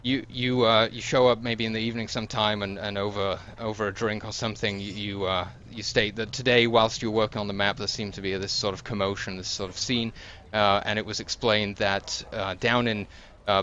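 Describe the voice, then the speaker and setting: A man narrating a tabletop game as game master, with a halting delivery full of pauses and restarts. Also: on the low side, fairly even intonation, sharp tone, a little hiss or hum. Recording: dull lo-fi recording.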